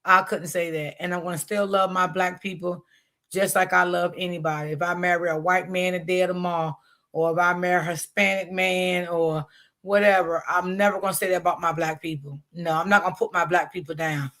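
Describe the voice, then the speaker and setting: A woman's voice: lowish voice, fairly even intonation, brisk, a bit bright. An older woman and grandmother giving casual commentary on a stream, emphatic and repeating her points.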